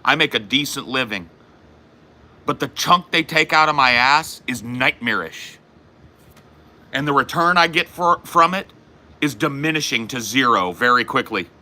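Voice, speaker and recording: A man's voice: medium pitch, animated, moderate pace, pushed and bright. A man on a podcast ranting in a casual, profane, angry monologue, saying he is fed up and mad. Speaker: podcast host.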